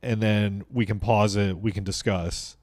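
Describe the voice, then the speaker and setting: A man's voice: on the low side, fairly even intonation, unhurried, a little mellow, no room sound. A man co-hosting a podcast, telling a story in a rambling, joking way. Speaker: podcast co-host. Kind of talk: casual chat.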